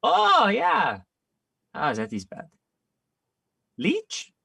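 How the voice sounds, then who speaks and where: A man playing a grumpy but friendly old male dwarf villager in a tabletop game, drawn-out and gravelly. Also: high voice, huge pitch swings, bright, forceful tone, no room sound, studio quality, recorded from a distance, full character voice. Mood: gruff.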